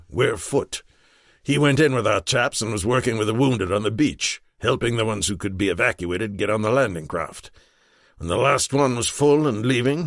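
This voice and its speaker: A man doing a low grumbling old general. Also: fairly bright tone, no echo, studio quality. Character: grumbling senior British general.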